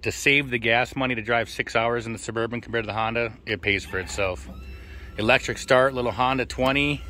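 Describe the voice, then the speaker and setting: A middle-aged man giving relaxed, chatty tour-guide commentary for a family travel vlog, recorded outdoors on a handheld camera. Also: on the low side, slight background noise. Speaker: family vlogger. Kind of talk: casual travel vlog narration. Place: outdoors on a lake and trails.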